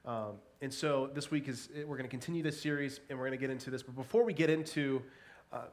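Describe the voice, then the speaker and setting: A congested man with a cold preaches in church at a mid pitch, earnest and halting as he restarts his phrases. He drops into a hushed, reverent tone when he leads a prayer. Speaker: pastor. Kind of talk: sermon and spoken prayer. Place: church service.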